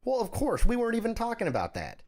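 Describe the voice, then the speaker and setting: A man co-hosting a casual comedy podcast, teasing his friend with deadpan insults. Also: very high-pitched, quick pace. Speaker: podcast co-host.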